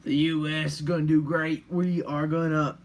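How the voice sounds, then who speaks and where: A man's voice: on the high side, flat delivery, normal speed, a little hiss or hum. A man playing a strategy board game, blunt and confident about his side. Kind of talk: casual banter while playing.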